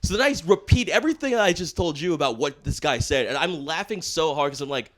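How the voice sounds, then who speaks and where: Animated swearing comedian telling a story. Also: male voice, a little high, quick pace. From Washington, D.C. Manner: animated, swears a lot, slangy. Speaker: stand-up comedian guest. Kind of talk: casual storytelling chat.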